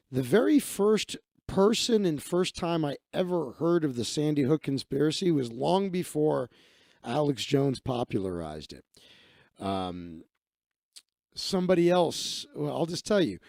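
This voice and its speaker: A man hosts a live stream, chatting casually with his viewers, and his high voice has a gravelly rasp to it. He rambles along with profane asides, and the sound is dry and close. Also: dark tone, dry recording. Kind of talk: casual live stream storytelling and chat replies.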